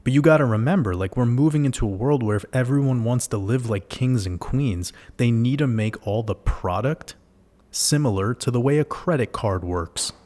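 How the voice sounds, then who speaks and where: A man's voice: medium pitch, expressive, normal speed, darkish tone. A man hosting a livestream, talking casually and animatedly to his viewers, swearing and firing off rhetorical questions. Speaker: livestream host.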